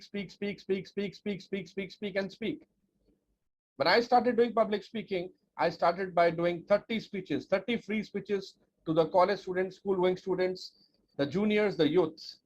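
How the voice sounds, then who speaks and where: Speech coach guy on a webinar, kinda high voice, punchy and repetitive, dull lo-fi audio. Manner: energetic, emphatic, rhetorical repetition. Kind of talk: webinar presentation. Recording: dull lo-fi audio with faint noise.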